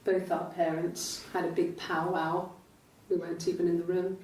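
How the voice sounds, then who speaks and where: An actress plays a composed young British wife recalling her past in a measured, soft-spoken way. Her voice sits a little low and sounds distant from the microphone. The interview room is roomy with a faint hiss behind her. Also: level tone, lightly acted. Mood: calm. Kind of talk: naturalistic screen acting.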